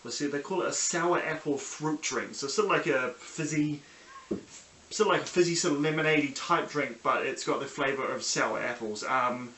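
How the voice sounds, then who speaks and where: A young New Zealand man rambles through a casual review, full of ums and restarts. His voice is bright and forward, and it bounces around a small echoey room with a faint hiss behind it. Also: fairly high pitch, moderate pace. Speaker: podcast host. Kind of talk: casual solo review vlog. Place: small sunny room at home.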